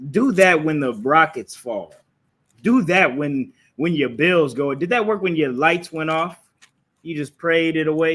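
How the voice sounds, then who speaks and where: A man's voice: on the high side, fairly bright tone. Man preaching a scolding live class. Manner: rhetorical questions, repeats phrases for emphasis. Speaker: religious class teacher. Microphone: streaming live from a phone or computer.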